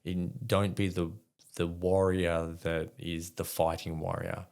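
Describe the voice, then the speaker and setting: A man's voice: low voice, level tone, slow, creaky, a little mellow. A middle-aged man, a veteran guest, telling frank stories in a rambling way with many fillers. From Australia. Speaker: podcast guest, army veteran. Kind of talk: candid conversational storytelling.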